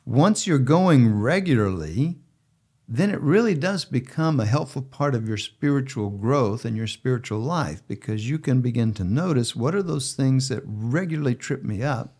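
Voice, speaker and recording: A man speaking as a bishop on a podcast, measured and gentle, with frequent pauses and fillers. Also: mid-range voice, animated, husky. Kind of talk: conversational podcast chat.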